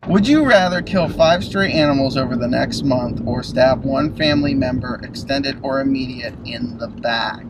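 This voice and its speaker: A man's voice: mid-range voice, normal speed, hardly any pauses, background noise. A man as a guest in a casual comedy chat, laughing often and hedging his answers, recorded inside a car. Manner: laughs a lot, hesitant and squirming.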